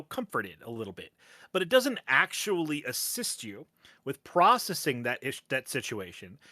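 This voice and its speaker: Bright, animated man, dry mic. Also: on the high side, no echo. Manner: wry, teasing, sarcastic asides. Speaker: guest. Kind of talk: casual livestream chat.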